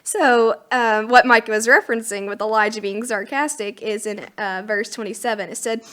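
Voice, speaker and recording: A woman co-hosting a Bible teaching podcast, retelling scripture in a chatty, casual way with lively acted-out quotes. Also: a little high, moderate pace.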